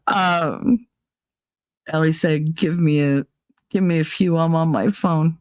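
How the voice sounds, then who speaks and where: A woman's voice: deep voice, slow pace, darkish tone, no echo, poor audio. A woman hosting a podcast, telling a story in a frank, profane, casual way and laughing often. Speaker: podcast host.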